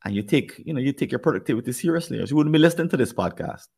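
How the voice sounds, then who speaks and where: A man's voice: mid-range voice, animated, vocal fry, a little mellow, slightly rough. A man with a Jamaican accent, talking things through thoughtfully on a podcast, often restarting his sentences. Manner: thoughtful, speaks in halting restarts. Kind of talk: podcast conversation.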